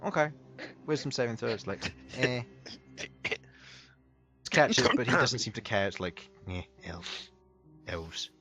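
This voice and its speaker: A man's voice: medium pitch, lively intonation, takes it slowly, pauses often, bright, forceful tone, soft background music. A man narrating as dungeon master in a loose, rambling way with hesitations. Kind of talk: narrating a tabletop game.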